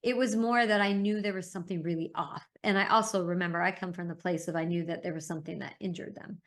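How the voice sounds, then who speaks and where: Middle-aged woman, guest on a chat, excitable storyteller, lowish voice. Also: fast. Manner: emphatic, animated storytelling. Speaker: interview guest, parent advocate. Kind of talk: conversational interview.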